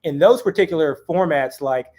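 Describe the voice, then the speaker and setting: A man's voice: a little high, expressive, moderate pace, darkish tone. A man as an interview guest in casual chat, talking in long rambling runs full of fillers.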